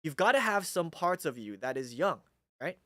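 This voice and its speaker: A man's voice: a little high, normal speed, no room sound. A man in his forties with a Taiwanese accent, hosting a casual livestream. He jokes a lot and often checks in with "right?". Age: 40s. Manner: animated and joking, with frequent "right?". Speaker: livestream host.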